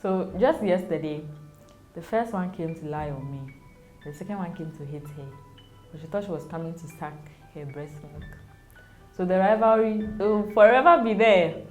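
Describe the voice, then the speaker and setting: A woman's voice: lowish voice, normal speed, darkish tone, soft background music. A young Ghanaian mother in a casual interview, speaking animatedly, often laughing and acting out quoted voices. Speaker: interview guest, mother of two.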